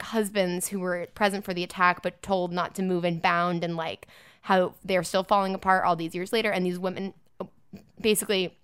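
Smooth-voiced young woman, rambling chat. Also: lowish voice, a bit bright, dry recording, clean studio sound. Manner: rambling, frequent likes, frank. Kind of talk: casual chat.

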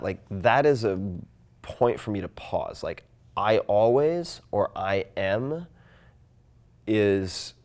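A man talks in a relaxed podcast chat. His voice sits on the low side, and he thinks out loud as he goes. He gets animated and reflective, often acting out his own inner voices. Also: moderate pace. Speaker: podcast guest. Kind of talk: casual conversation.

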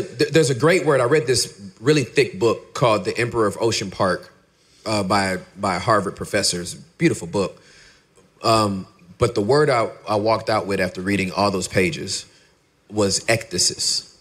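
A middle-aged man, a pastor and podcaster, talking candidly in an interview and acting out his stories with lively dialogue. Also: moderate pace, husky. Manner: animated storyteller, acts out dialogue in a high voice.

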